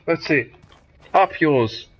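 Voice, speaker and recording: A man's voice: fairly high pitch, expressive, slow pace, poor audio. A man, ranting heatedly and with lots of swearing during live gameplay commentary. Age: 50s. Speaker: gaming streamer.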